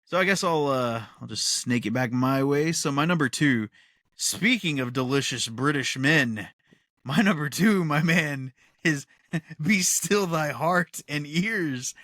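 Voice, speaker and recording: A man's voice: on the high side, lively intonation, measured pace, bright, forceful tone, dry recording, clean studio sound. A man co-hosting a podcast in a casual chat, rambling with enthusiasm and laughing often. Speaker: podcast co-host.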